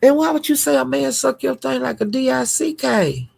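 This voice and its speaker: A woman's voice: sits high, normal speed, vocal fry, darkish tone, breathy edge. A woman vlogger giving casual gossip commentary to her viewers, blunt, profane and indignant.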